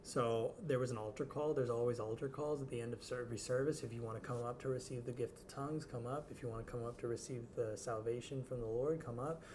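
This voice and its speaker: A man, an interview guest, tells a personal story in an animated, rambling way, full of "like" and acted-out quotes. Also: mid-range voice, fast talker, hardly any pauses, a little hiss or hum. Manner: animated, rambling, heavy use of "like".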